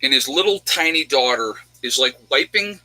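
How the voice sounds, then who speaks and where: A man's voice: mid-range voice, expressive, normal speed, bright, forceful tone, no echo, poor audio. A middle-aged man, the host, telling a personal story in a rambling, emotional way, fighting back tears and laughing. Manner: rambling, repeats himself, gets teary and laughs.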